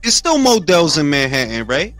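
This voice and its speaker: A man hosting a casual boxing chat, joking loudly with profane banter. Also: fairly high pitch, sing-song, normal speed, music in the background.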